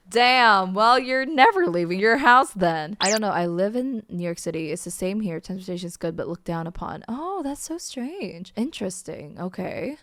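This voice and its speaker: Giggly woman streamer, very lively voice. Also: medium pitch, normal speed, few pauses, slight background noise. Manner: chatty, giggly, trails off and restarts. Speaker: VTuber streamer reacting to memes. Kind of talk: casual reaction chat.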